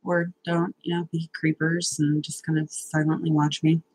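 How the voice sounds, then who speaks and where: A woman's voice: low voice, little pitch movement, moderate pace, a little mellow, slight background noise, rough recording. A young woman hosting a casual live stream, chatty, nervous and self-deprecating, swearing now and then as she sorts out technical problems.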